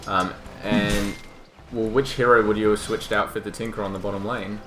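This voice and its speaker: An Australian man giving steady, analytical play-by-play commentary on an online game. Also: on the low side, moderate pace. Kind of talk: esports commentary.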